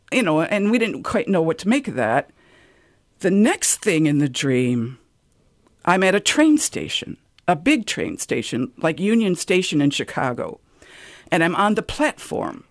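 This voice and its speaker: Woman, animated storyteller, lively swooping pitch, dry close sound. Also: no room sound. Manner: animated, self-quoting storyteller. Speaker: guest storyteller. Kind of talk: casual anecdote on talk radio.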